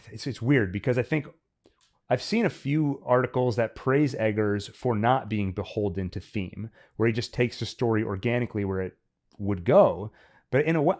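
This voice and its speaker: A man's voice: medium pitch, darkish tone. A man hosting a podcast, chatting casually and analytically about a film as he thinks aloud. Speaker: podcast host. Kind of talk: casual chat, film review.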